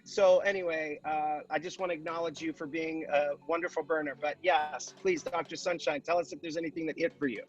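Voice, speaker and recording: An enthusiastic man hosts a group chat over a video call, his voice sitting a little high. He rambles and restarts as he talks, and faint music runs underneath. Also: fairly even intonation, brisk, few pauses, lo-fi sound. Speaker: host.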